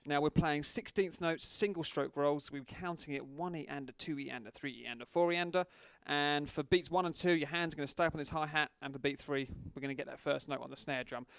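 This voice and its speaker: Casual male drum teacher, counts beats aloud, crisp and dry. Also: a little high, a little fast, hardly any pauses, fairly bright tone, no echo. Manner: chatty, counts beats aloud over the kit. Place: drum studio.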